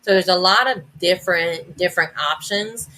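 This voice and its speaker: Woman guest on an education podcast, crisp bright voice, explains stuff with ums and corrections. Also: lowish voice, normal speed. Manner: explanatory, with fillers and self-corrections. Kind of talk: casual conversational interview.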